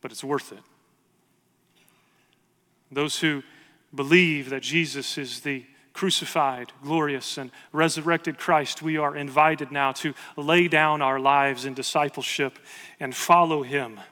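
A man in his thirties delivers a sermon with earnest conviction and pressing repetition. His voice sits a little high and sounds bright and clear. The words ring out into a large hall with a long reverb. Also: fairly even intonation, a little slow. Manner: earnest, building to emphatic repetition. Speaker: pastor.

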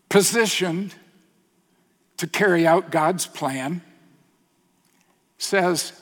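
A middle-aged male pastor delivers a sermon at a very unhurried pace, with a somewhat high voice. His earnest storytelling often sinks to a soft, hushed tone. Long reverb from the hall trails behind his words.

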